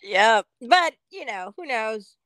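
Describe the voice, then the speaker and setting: A woman co-host talks slowly in an easygoing chat. Her bright voice rises and falls a lot. The recording is close and dry. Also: fairly high pitch, big pitch swings, dry recording. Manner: laid-back, laughing reactions. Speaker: podcast co-host. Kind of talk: casual chat.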